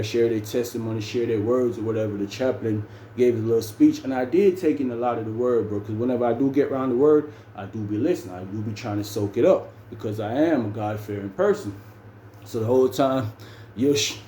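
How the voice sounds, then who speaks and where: Man with a mellow voice telling a story, roomy sound, faint noise behind. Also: medium pitch. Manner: animated, slangy, lots of "bro" and "man". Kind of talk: casual storytelling vlog.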